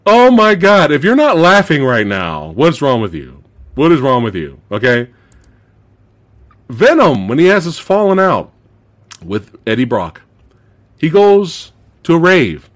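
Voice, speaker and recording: A male podcast host chatting casually about a movie, animated, swearing freely, laughing often and acting out movie lines. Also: medium pitch, measured pace. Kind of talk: casual movie review chat.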